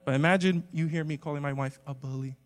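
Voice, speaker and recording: A man preaching a humorous sermon to a congregation, animated and swinging between loud exclamations and quiet asides. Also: a little high, quick pace. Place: church sanctuary with a live congregation. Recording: long hall reverb from a church sanctuary.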